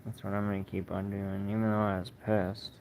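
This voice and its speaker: A man's voice: lowish voice, little pitch movement, brisk, darkish tone, slight background noise. A young man hosting a casual livestream outdoors under a tree, reading viewer comments aloud in a laid-back, slangy, profane way. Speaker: livestream host.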